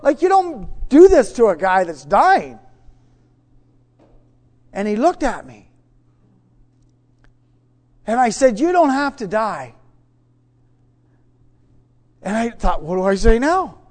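A man preaching, telling a story with many restarts, swinging from hushed to loud. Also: high voice, very animated, takes it slowly, pauses often. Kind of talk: sermon storytelling.

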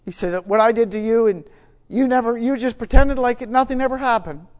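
A man preaching, telling a story with many restarts, swinging from hushed to loud. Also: very high-pitched, brisk. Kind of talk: sermon storytelling.

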